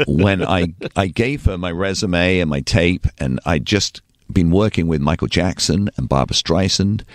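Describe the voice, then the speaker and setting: Older man, English accent, very low voice, animated storyteller, dry close sound. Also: no room sound. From England. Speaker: radio DJ guest. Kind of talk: podcast interview storytelling. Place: studio.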